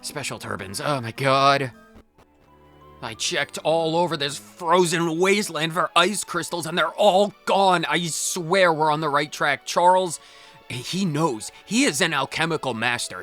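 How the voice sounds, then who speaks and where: A man's voice: on the high side, normal speed, bright, forceful tone, faint music behind. A man ranting in exasperation as he role-plays his character while playing a game. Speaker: let's play streamer. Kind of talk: in-character role-play commentary.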